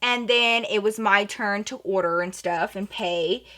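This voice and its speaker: A woman in her twenties casually telling a story while doing her makeup, animated and slangy, swinging from hushed asides to loud bursts. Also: medium pitch, unhurried. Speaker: vlogger.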